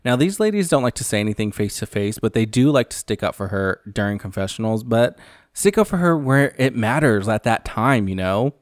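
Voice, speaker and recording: A man's voice: fairly low pitch, very animated, a little fast, no echo. Guy doing a gossipy recap podcast, blunt and sassy, swears a lot, dry close mic. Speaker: podcast host. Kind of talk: casual reality TV recap.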